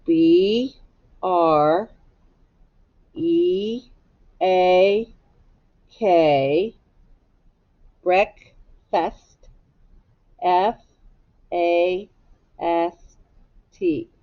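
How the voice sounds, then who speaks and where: A woman's voice: on the low side, drawn-out words, pauses often, dull audio. A woman teacher giving a recorded phonics lesson for children, spelling words out letter by letter in a patient, encouraging way. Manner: gently encouraging.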